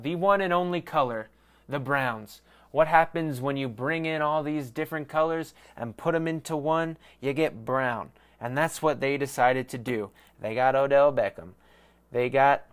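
Guy doing his own fan podcast, rambles and swears a lot, laughs at himself, mid-pitched voice. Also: clear, resonant tone. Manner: rambling, swearing, self-mocking. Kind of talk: casual solo sports rant.

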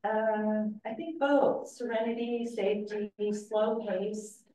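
A woman resident sharing her views at a planning session in a thoughtful, measured way. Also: medium pitch, fairly even intonation, mellow, a little hiss or hum. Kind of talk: public meeting comment. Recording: distant, echoey meeting room.

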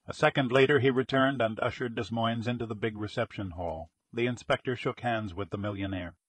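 A man reading a detective story aloud in a measured storytelling manner. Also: mid-range voice, husky, dry recording. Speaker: audiobook narrator. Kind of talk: scripted narration of a detective story.

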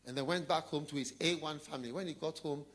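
Man, preacher, sermon, storytelling, asks the crowd questions, slightly high voice. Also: fast talker. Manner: storytelling, asks the audience questions, drops to quiet and low.

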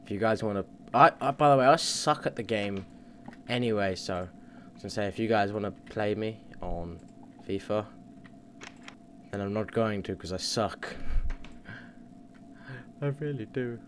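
A man's voice: on the low side, unhurried, long pauses, a bit bright, a little hiss or hum. Rambling, cussing let's play guy. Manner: rambling, swears freely, talks to himself. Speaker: gaming channel host. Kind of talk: casual let's play commentary.

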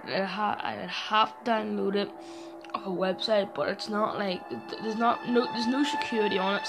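A young man hosting a horror game let's-play, rambling and swearing heavily and often startled into loud yelps. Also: high-pitched, low-quality recording. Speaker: gaming channel host.

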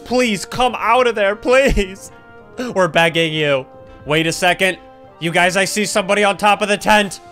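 A young man giving excited gameplay commentary, laughing often and calling out to his teammates. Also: sits high, normal speed, soft background music. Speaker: gaming YouTuber.

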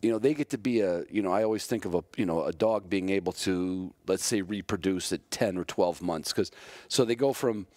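A man's voice: low-pitched, brisk, darkish tone, dry recording. A man hosting a podcast, chatting casually and trading his own anecdotes with his guest. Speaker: podcast host. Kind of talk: interview conversation.

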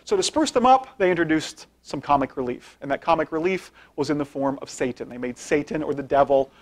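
A man's voice: a little high, expressive, fairly quick. A man giving an informal lecture with slides as a guest speaker. He talks conversationally, often tags sentences with "right?" and asks for the next slide as he goes. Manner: conversational, frequent tag questions; directs slide changes while speaking. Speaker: guest speaker, philosophy professor.

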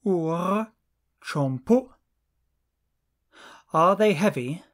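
Very slow, deliberate language teacher. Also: mid-range voice, expressive. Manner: slow, deliberate phrase-by-phrase drilling. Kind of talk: language lesson drills.

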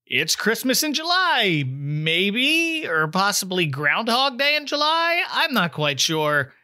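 Bright, playful male podcast host. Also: high-pitched, big pitch swings, takes it slowly, no room sound, clean studio sound. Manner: playful, teasing introductions. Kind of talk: jokey scripted podcast intro, then casual chat.

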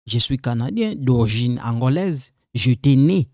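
A man's voice: mid-range voice, expressive, moderate pace, darkish tone, no room sound, studio quality. A man teaching French, patiently repeating phrases for learners as he goes through a quiz. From Congo. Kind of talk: quiz walkthrough lesson.

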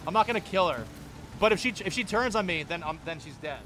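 A man's voice: high-pitched, lively intonation, quick pace, background noise. A young man streaming a game, giving casual, chatty and joking commentary.

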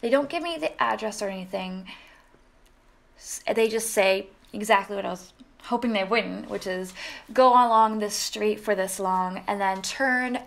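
Chatty young woman with a gravelly edge. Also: mid-range voice, moderate pace. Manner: chatty, many fillers and restarts. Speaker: wedding photographer. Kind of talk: casual storytelling vlog.

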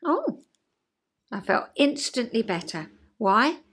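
An older woman chatting at home to her viewers, her voice sitting a touch high. She tells stories expressively and homely, slipping into lively dialogue. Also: takes it slowly, husky. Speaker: host. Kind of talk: casual chat.

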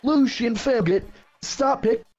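A voice playing a foul-mouthed, panicky captive twin boy in a parody cartoon, yelling angrily. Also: medium pitch, takes it slowly, no echo, highs cut off, faint music behind. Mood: angry. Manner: angry and panicky.

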